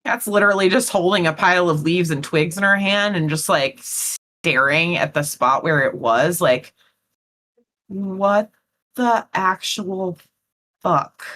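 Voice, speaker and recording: Bright-voiced, profane woman player. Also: fairly low pitch, moderate pace, few pauses. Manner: profane, lively, laughs often. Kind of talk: tabletop role-play, in character.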